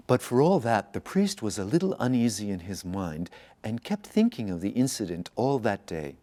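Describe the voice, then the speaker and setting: A man reading a fairy tale aloud, with expressive storytelling narration. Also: fairly low pitch, moderate pace. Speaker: institute director reading aloud. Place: institute in Tokyo.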